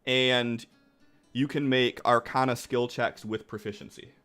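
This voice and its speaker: A male game master who narrates a tabletop game slowly and easily, pausing often on fillers. Faint music plays underneath his voice. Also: mid-range voice, clear, resonant tone. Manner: relaxed, filler-heavy narration.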